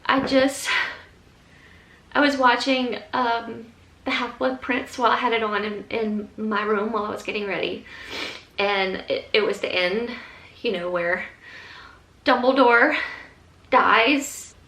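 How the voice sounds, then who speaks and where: Bright, chatty woman. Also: a little high, fairly even intonation, unhurried. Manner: chatty, rambling, laughs often. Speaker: book vlogger. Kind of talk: casual chat. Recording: echoey room.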